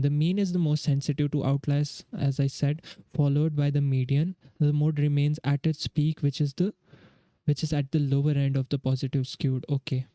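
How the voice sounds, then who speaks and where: A young man from India streams live, thinking aloud as he works through quiz questions and chats casually while studying. His voice is a little high, warm and clean, recorded dry.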